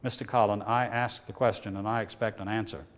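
Guy putting on a nasal new england lawyer, harsh and impatient, lowish voice. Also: steady tone, brisk, big-room sound, natural voice.

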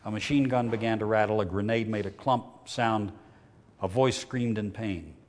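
A man reading a novel aloud in a measured, steady way, lifting his voice when characters shout. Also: fairly low pitch, in a large hall, a little hiss or hum. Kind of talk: audiobook reading.

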